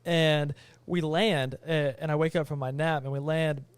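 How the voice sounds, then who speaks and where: A young man with a high, smooth voice tells a travel story in a loose, casual way. He keeps slipping into the people he's quoting with lively energy. The recording is dry and close. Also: moderate pace, dry recording. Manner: animated, acts out quoted voices. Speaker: podcast co-host.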